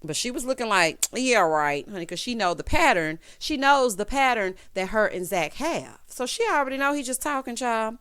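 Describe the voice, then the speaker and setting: Sassy animated woman recapping TV. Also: fairly high pitch, moderate pace, hardly any pauses, clean tone. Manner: sassy, animated, calls listeners honey and child. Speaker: TV recap host. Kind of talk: casual recap commentary.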